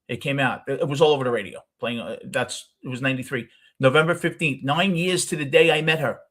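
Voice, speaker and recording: An older man with a New York accent tells a long personal story in a loose, rambling way. His voice is husky and sits at an ordinary pitch. He stops often to correct himself as he goes. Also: fast talker, fairly bright tone. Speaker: host. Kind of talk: casual storytelling.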